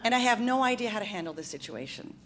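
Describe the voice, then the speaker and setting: A woman telling a comic story live, in an animated style, often laughing through her lines. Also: medium pitch, quick pace, slight background noise.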